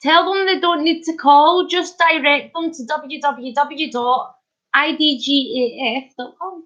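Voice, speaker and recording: Woman vlogger, high and unhurried, giggly and hyper, casual live-stream chat, muffled stream sound. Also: a bit bright. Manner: chatty and giggly, laughing often. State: hyper and wide awake. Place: at home. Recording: slightly muffled lo-fi stream audio.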